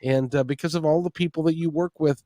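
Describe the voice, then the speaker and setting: A man's voice: on the high side, fairly even intonation, fast talker, dark tone, no room sound. A man hosting a radio interview, earnest and effusive with praise for his guest. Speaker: radio show host.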